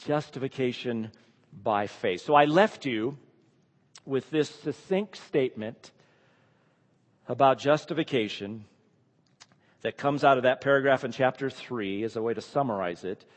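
A man preaching a sermon with earnest emphasis, often dropping to a quiet, hushed delivery. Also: medium pitch, lively intonation, normal speed, pauses often, long reverb tail. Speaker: pastor.

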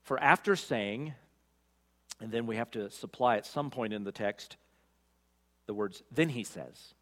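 A pastor preaching an expository sermon, swinging from loud emphatic peaks to quiet, drawn-out phrases. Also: male voice, on the low side. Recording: long reverb of a large hall.

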